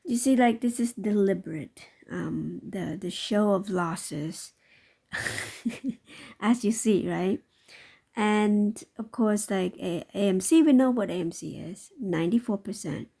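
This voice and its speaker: A woman giving sarcastic, skeptical reaction commentary over a news clip, halting and full of fillers. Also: medium pitch, gravelly, mellow. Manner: halting, with many fillers and asides. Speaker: stock market commentator.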